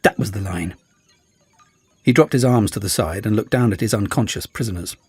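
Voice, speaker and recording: A man narrating an audiobook in a lively, expressive way. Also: fairly low pitch, brisk, slightly rough, no echo, faint music behind. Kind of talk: scripted narration.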